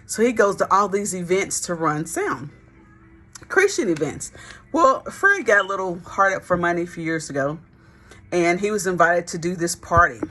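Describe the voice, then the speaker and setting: A woman's voice: fairly low pitch, very animated, moderate pace, pushed and bright. A woman casually telling a Christian testimony story, talking folksy and straight to her listeners. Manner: folksy, talks straight to the audience as "y'all". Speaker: Christian speaker.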